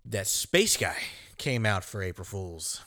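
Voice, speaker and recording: Man, podcast co-host, casual chat, animated pitch, joking, laughs a lot. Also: unhurried. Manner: laughs often, loose and joking.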